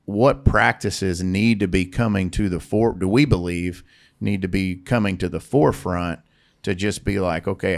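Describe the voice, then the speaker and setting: Deep-voiced man hosting a podcast. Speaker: podcast co-host leading the topic. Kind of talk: casual podcast discussion.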